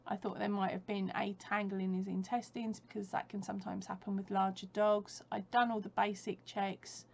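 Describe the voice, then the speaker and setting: A woman's voice: medium pitch, flat delivery, normal speed, vocal fry, a little hiss or hum. Chatty woman, muffled home recording. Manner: chatty, rambling, laughs often, corrects herself. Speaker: crochet vlogger. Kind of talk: casual chat.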